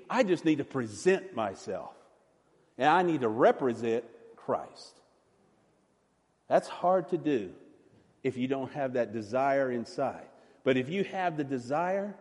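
A pastor preaching a sermon with earnest conviction, shifting between loud and soft. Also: male voice, medium pitch, lively intonation, unhurried, in a large hall.

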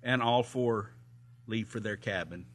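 A man's voice: on the low side, unhurried, a bit bright. A man preaching to a congregation, retelling a camp story in a sermon with frequent hesitations and chuckles. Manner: hesitant, many uh fillers, chuckles. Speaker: pastor reading a volunteer's story.

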